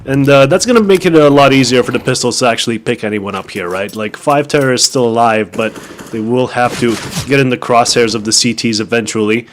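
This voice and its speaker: A man's voice: mid-range voice, a little fast. A man calling a shooter match, wry and rambling, with lots of filler words. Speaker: esports caster. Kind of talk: play-by-play commentary. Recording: faint background noise.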